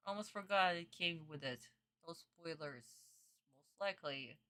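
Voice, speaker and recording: Bright-voiced woman ranting at a cartoon. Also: fairly low pitch, a little slow. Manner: exasperated, swearing, laughing outbursts. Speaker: streamer reacting to an anime dub. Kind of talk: casual reaction commentary.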